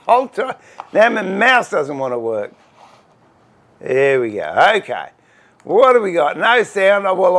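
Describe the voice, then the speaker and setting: A man's voice: high-pitched, creaky, fairly bright tone. A middle-aged Australian man hosting a woodworking livestream, chatting casually, greeting viewers by name and joking about himself.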